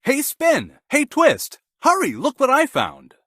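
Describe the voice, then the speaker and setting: A man voicing a patient, hardworking male cockerel in a storybook tale, calling out loudly and eagerly. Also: sits high, wildly swooping pitch, measured pace, no room sound, studio quality, voice pushed up, heavily acted.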